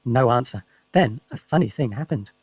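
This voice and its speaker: A man reading a children's story aloud for English learners with lively, expressive narration. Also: medium pitch, moderate pace, breathy edge, dry recording. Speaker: reader.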